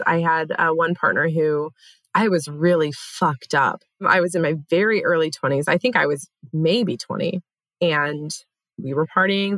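Low-voiced candid woman podcast co-host. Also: a bit bright, no room sound. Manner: candid, swears freely. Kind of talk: casual chat.

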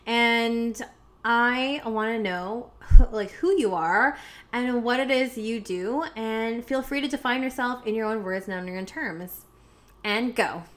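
A woman's voice: a little high, a little slow, a bit bright. A woman from Canada hosting a podcast, chatting casually and laughing often. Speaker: podcast host.

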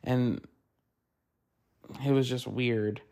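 A man hosting a podcast, chatting casually and gossiping in a rambling, animated way, swearing often and filling his talk with "like.". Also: medium pitch, extremely slow, clean tone. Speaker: podcast host.

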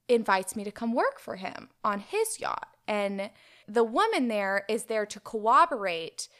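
This podcast co-host, a woman in her twenties, has a fairly high and slightly bright voice. Telling a story during a casual chat, she chats freely and fills her speech with plenty of "like."

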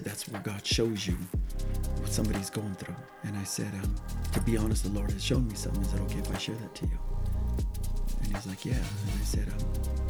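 A man in casual conversation, telling a personal faith story and acting out the dialogue, sometimes dropping to a near whisper. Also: on the low side. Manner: animated retelling, quoting dialogue, drops to near-whisper at times. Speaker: guest telling a testimony.

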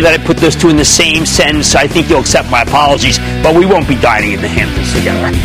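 A man in his sixties hosting a stock market call-in show on TV, talking emphatically with jokes and rapid asides. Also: high voice. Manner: emphatic, excitable, jokey, riffing. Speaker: host. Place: TV studio.

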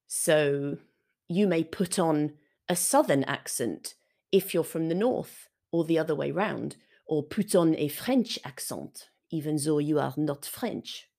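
A woman's voice: sits low, lively intonation, takes it slowly, creaky, darkish tone. A woman hosting an English vocabulary lesson, patiently explaining words with example sentences. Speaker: English teacher and podcast host. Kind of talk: vocabulary lesson, slow and clear.

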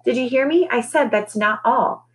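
A woman doing a shrill squawking parrot. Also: moderate pace, a little hiss or hum, close to an everyday voice. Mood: insistent. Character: fussy excitable female parrot messenger.

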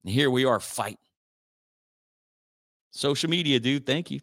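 A man's voice: high voice, lively intonation, moderate pace, pushed and bright. A male radio host rambling through sports news in a slangy, casual chat. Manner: rambling, slangy, says dude a lot.

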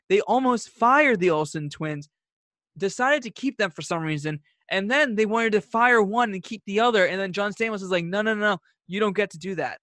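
A man co-hosting a podcast, chatting casually and telling animated, opinionated stories. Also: high voice, dry recording, clean studio sound. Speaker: podcast co-host. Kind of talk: casual chat.

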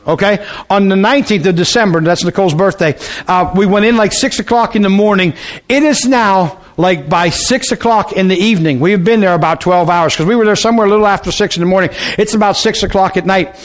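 A middle-aged man preaching, telling a comic personal story in an animated, folksy way. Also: sits high, fairly quick. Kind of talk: humorous sermon storytelling.

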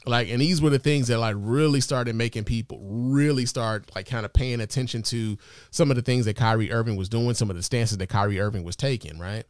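A podcast host delivers a casual sports commentary monologue in a mid-range male voice, speaking a little fast. His talk is loose, profane and conversational, full of fillers. The studio recording is clean with no room sound.

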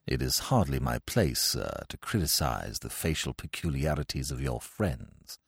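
A man voicing an unflappable, formal English manservant who speaks gravely and deferentially. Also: rumbling low, lively intonation, moderate pace, no room sound, studio quality, voice pushed down, full character voice.

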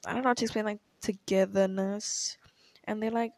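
Speaking at a brisk clip, this young woman from Africa answers personal questions in her vlog with a rambling, hesitant style full of self-corrections. Her medium-pitched voice is slightly mellow with fairly even intonation, and the audio has no echo.

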